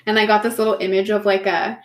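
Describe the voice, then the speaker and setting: A woman co-hosts a podcast and tells stories in chatty, casual talk. She is animated and swears freely, with a middle-pitched voice. The recording has a roomy echo around her. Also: quick pace. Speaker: podcast co-host. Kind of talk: casual chat, storytelling.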